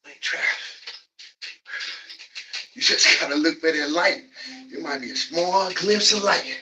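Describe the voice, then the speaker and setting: A man's voice: on the high side, measured pace. Breathless man pumping himself up. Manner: preachy, pumped-up coaching with loud whoops. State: out of breath from exercising. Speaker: livestreamer leading a workout. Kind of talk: motivational workout talk. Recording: voice distant from the mic.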